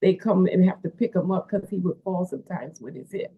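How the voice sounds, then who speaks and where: A woman's voice: on the low side, a little fast, slightly rough. A woman, a wrestler's manager and caretaker, telling a story in a rambling way with many fillers, heard over a phone-like line. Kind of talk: casual interview storytelling.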